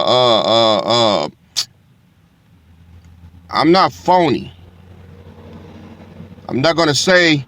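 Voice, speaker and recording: A man's voice: fairly high pitch, fairly bright tone. A man preaching a blunt, profane sermon. He reads scripture aloud and keeps checking in with his listeners.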